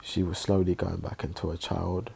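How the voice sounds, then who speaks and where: Deep gravelly man, halting storytelling. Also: flat delivery, mellow. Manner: halting, reflective, many pauses and restarts. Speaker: online religious presenter. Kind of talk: personal storytelling.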